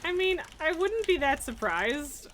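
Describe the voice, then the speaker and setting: A woman's voice: high-pitched, very animated, a little slow, fairly bright tone, a little hiss or hum. A woman streaming a game, chatting casually, laughing often and swearing freely. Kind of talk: casual chat while gaming.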